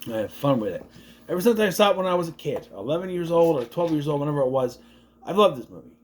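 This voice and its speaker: Slightly high-pitched and animated, this young man rambles through a casual movie recap and review, breaking into quick impressions of the characters.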